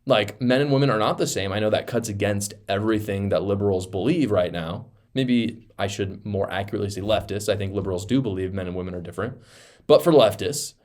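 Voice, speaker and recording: A man giving reaction commentary on politics, animated and incredulous, laughing mid-sentence. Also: fairly low pitch, brisk.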